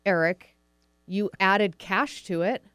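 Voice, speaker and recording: Chatty woman host, smooth, close and dry. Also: medium pitch, slow, fairly bright tone, no room sound. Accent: American Pacific Northwest. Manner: chatty, acts out quoted voices of dogs and owners. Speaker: podcast host, dog trainer. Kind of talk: casual explanatory talk.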